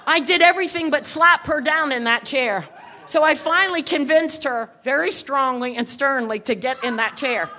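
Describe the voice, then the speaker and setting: Woman preacher, high and bright, animated storytelling building to shouts at a church service. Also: moderate pace. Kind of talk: sermon.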